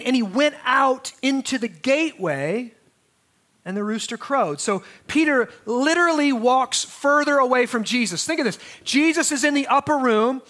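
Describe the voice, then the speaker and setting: A man's voice: very high-pitched, animated, moderate pace, fairly bright tone. A man preaching a sermon as pastor, in a conversational way with restarts and asides.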